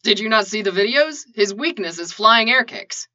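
A woman's voice: medium pitch, expressive, moderate pace, pushed and bright. Woman voicing a joking, flustered young man. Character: dry-witted young man, former soldier. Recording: lo-fi dull recording.

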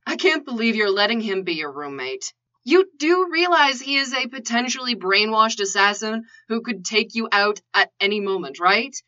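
A woman voicing a sharp, skeptical sister who teases her brother, in a lo-fi recording. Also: fairly high pitch, lively intonation, moderate pace. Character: sharp, teasing older sister. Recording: lo-fi dull recording.

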